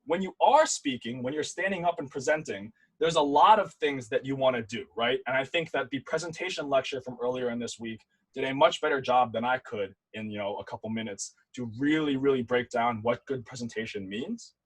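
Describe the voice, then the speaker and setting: A young man teaching a debate workshop over a video call, lively and demonstrative, swinging between loud and quiet. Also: medium pitch, brisk, few pauses, husky, poor audio. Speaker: debate instructor. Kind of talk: online workshop lecture. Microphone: computer mic on a video call.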